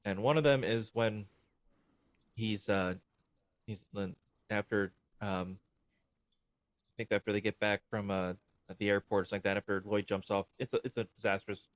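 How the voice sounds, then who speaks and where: A man's voice: on the low side, fairly even intonation, normal speed, long pauses, dry recording. A man hosting a podcast in casual chat, enthusiastically retelling movie scenes with lots of fillers and laughs. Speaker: podcast host.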